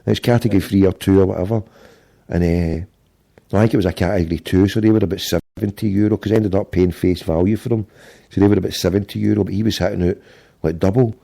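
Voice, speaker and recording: Gravelly, dark-voiced Scottish man telling a story. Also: low-pitched, steady tone, fast. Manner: swearing, rambling anecdote with acted-out quotes. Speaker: podcast host. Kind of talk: casual storytelling chat.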